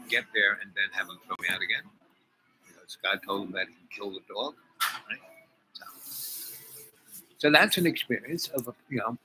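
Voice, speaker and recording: A man's voice: lowish voice, sharp tone, slight background noise, poor audio. A man vlogging to his viewers, telling a personal story in a rambling way, full of fillers and asides. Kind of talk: casual storytelling vlog.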